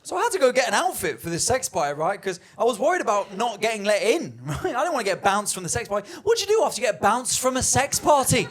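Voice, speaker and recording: A man's voice: sits high, sing-song, fast talker, few pauses. A young man performing a stand-up comedy set, telling a story and acting out the voices of the people in it. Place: comedy venue on stage.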